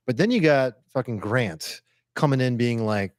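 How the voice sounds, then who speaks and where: A man hosting a casual podcast chat, relaxed and joking as he leads the questions. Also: medium pitch, normal speed, dry recording, clean studio sound. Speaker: podcast host.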